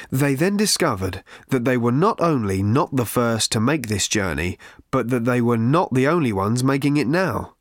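A man reading a novel aloud as its narrator, in a measured, dry manner. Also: medium pitch, no echo. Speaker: audiobook narrator. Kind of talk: scripted narration.

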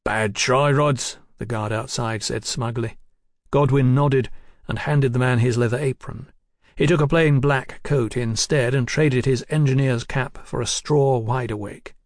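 Gravelly male audiobook narrator. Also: medium pitch, fairly even intonation, unhurried, a little mellow, no room sound, clean studio sound.

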